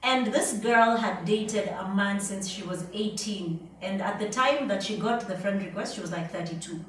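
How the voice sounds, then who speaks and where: A woman's voice: medium pitch, normal speed, slight background noise. A woman hosting a podcast, telling a long story in a casual, chatty way with quoted dialogue. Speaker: podcast host. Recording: echoey room, mic at a distance.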